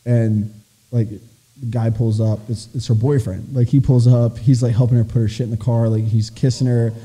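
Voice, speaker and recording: A man's voice: mid-range voice, little pitch movement, normal speed, dark tone, breathy edge. A young adult man telling a story as a guest, rambling with constant fillers and swearing. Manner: rambling, heavy filler "like", profane. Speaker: guest performer. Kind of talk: casual storytelling chat.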